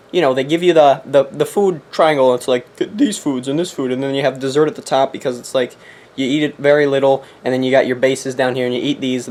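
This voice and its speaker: A young man vlogging from his apartment, joking in a deliberately ridiculous put-on accent and sermonizing in mock-serious fashion. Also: mid-range voice, darkish tone. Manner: jokey, mock-preachy, laughs at himself. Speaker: competitive game player vlogging. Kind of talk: casual comedic monologue.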